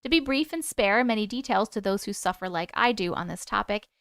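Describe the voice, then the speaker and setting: A woman's voice: mid-range voice, expressive, brisk, creaky, a bit bright, smooth, no room sound, clean studio sound. A woman hosting a live stream, reading viewer stories aloud and reacting with open emotion to the chat.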